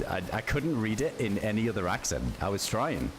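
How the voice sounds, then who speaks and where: A man's voice: fairly low pitch, moderate pace, slight background noise. A man streaming a survival game, chatting casually with viewers as he plays, swearing now and then. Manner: relaxed, chatty, swears casually, reacts to chat. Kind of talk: casual livestream commentary.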